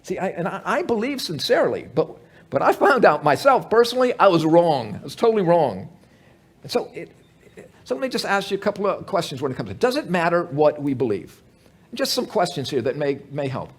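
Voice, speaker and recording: A male pastor delivers an evening sermon in a church. His voice sits high and a little husky, with a lively, wide-ranging pitch. He speaks conversationally, mixes in jokes, and keeps asking the congregation rhetorical questions. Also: normal speed. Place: church sanctuary, evening service.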